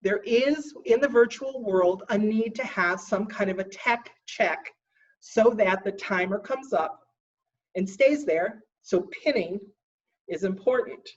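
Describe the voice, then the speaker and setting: A woman running a training briefing who slows down to stress key points and calls herself a fussy stickler. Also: mid-range voice, far from the mic, dull audio. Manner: self-described fussy stickler. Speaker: contest trainer.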